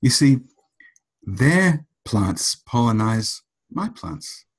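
A man voicing a humble, kindly old male farmer who speaks in a halting, modest way. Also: mid-range voice, sing-song, vocal fry, a little hiss or hum, voice pushed up, heavily acted.

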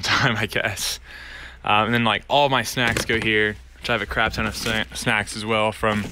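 With a noisy background behind him, a young male college student shows off his dorm room on a handheld camera. He speaks in a fairly low voice, rambling off topic and leaning heavily on fillers.

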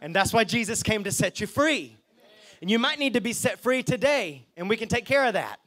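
A man preaching a lively sermon as pastor, often checking in with the congregation. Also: high-pitched, fairly quick. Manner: lively, chatty, asks the crowd okay and right.

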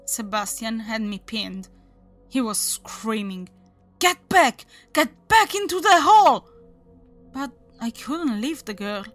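A woman reading a horror story aloud as its narrator, in a measured, deliberate storytelling manner. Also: mid-range voice, pushed and bright. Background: faint background music.

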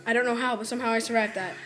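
A woman chats her way through a video game, exclaiming and groaning when things go wrong. Her voice sits fairly high. Game music plays clearly behind her. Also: low-quality recording. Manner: chatty, exclaims and groans in frustration. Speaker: let's play gamer. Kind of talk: casual gameplay commentary.

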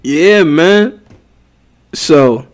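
Guy talking real slow, kinda high voice, rambling and heated, keeps restarting. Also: animated. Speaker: religious teacher. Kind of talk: casual spoken commentary.

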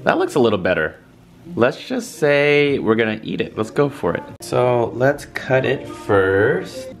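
A man's voice: medium pitch, sing-song, unhurried. A young man, talking casually and slangily as a vlogger while he shops and cooks. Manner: laid-back slangy talk. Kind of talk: casual vlog chat. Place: home kitchen and grocery store. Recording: lo-fi music playing under voice.

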